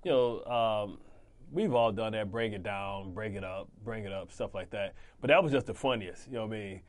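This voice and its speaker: A former football player in his forties tells stories in a casual interview, his voice lowish and his speed normal. He's animated and laughs a lot, acting out what other people said.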